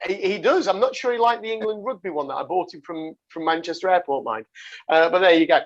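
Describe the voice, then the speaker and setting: A man's voice: high voice, quick pace, lo-fi sound. A man hosting a casual rugby podcast, rambling through stories with laughs and swearing. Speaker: podcast host.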